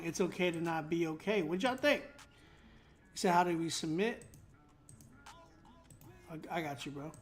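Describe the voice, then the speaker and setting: A man hosting a casual livestream, critiquing submitted songs in a laid-back way with lots of fillers, sometimes humming drum patterns to make a point. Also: sits high. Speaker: host reviewing submitted songs.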